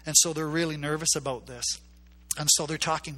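A preacher delivers a sermon as a story, his bright, forward voice pitched a little above average, steady in tone and fairly quick. He jumps into the characters' voices and hammers points home through repetition.

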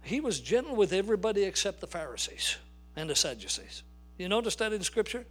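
An older man preaching a sermon as a pastor, emphatic, slowing down to stress key words. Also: high voice, sing-song, a bit bright, slightly rough.

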